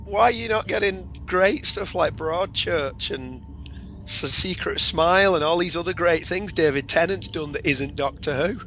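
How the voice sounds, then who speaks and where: A man's voice: on the high side, normal speed, a bit bright, lo-fi sound, a little hiss or hum. A man co-hosting a podcast while sick and congested, talking in dry, wry casual chat. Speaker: podcast co-host.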